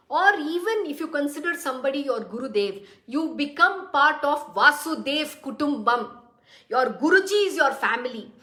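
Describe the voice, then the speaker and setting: A woman giving a spiritual lesson, reading verses slowly and then explaining them with earnest questions to her listeners. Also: high-pitched, a bit bright. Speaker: spiritual teacher. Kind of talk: scripture commentary talk. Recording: roomy echo.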